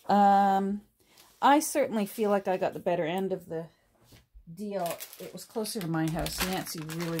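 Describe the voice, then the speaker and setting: Chatty woman, lowish voice. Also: a little mellow, slight background noise. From Canada. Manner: chatty, rambling, with many restarts and ums. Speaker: crafting vlogger. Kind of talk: casual chat while crafting. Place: home craft room. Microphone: camera mic at a work table.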